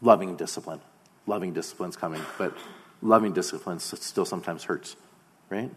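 A man in his thirties preaching a sermon as pastor, earnest, often slowing down and dropping to a quiet voice for emphasis. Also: low voice, slight background noise. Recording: long hall reverb.

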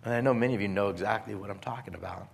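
A man preaching a sermon, earnest, swinging between forceful emphasis and hushed softness, often repeating words as he restarts phrases. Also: on the low side, rapid-fire, vocal fry, slightly rough. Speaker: pastor.

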